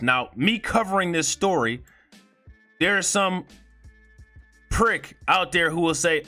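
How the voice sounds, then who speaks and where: A man's voice: sits high, animated, takes it slowly, pauses often, pushed and bright, soft background music. A man giving a heated, profane commentary in a blunt, indignant way. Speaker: video commentator.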